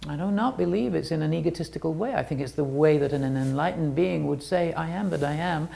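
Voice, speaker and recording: A woman presents an illustrated talk in a low, mellow voice with a heavy gravelly edge. She rambles and restarts her sentences, her pitch swinging widely as she explains. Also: fast, hardly any pauses.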